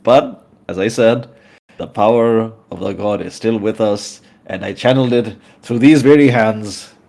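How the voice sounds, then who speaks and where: A man's voice: on the low side, measured pace, creaky, darkish tone. A man voicing a grandiose, power-drunk male cultist in a tabletop game. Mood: boastful. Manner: pompous, boastful.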